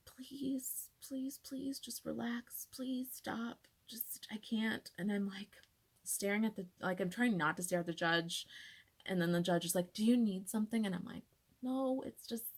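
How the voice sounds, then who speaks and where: A young woman talking casually into her phone, telling a personal story with lots of "like" fillers and dropping to a whisper at tense moments. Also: lowish voice. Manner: chatty, frequent "like" fillers, drops to whispers when reliving moments. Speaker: vlogger.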